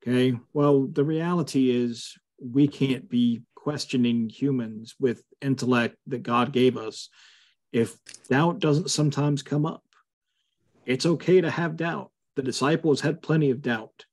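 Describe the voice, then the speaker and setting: A man of middle pitch guides a Bible study over a video call. He speaks casually, with many fillers, and breaks into firm asides when he feels strongly. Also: fairly even intonation, unhurried, a little mellow. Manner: conversational, frequent fillers, emphatic asides. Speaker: pastor leading a Bible study.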